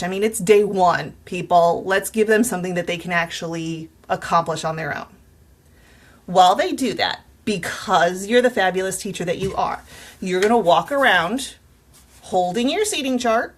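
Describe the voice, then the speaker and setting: A woman teacher speaking to fellow teachers in a casual advice vlog. Her delivery is upbeat and encouraging, and she speaks at an easy, mid-pitched conversational level. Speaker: middle school teacher.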